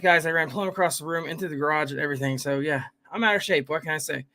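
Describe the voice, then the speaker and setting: A man's voice: a little high, fast talker, pushed and bright. A man hosting a live stream, chatting casually, greeting viewers by name and reading their comments in a rambling way. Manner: rambling, greets viewers by name, keeps saying "guys" and "fam". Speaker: livestream host.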